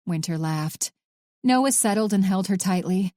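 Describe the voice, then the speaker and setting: A woman narrating a thriller audiobook in a measured, even storytelling manner. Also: medium pitch, no echo, studio quality.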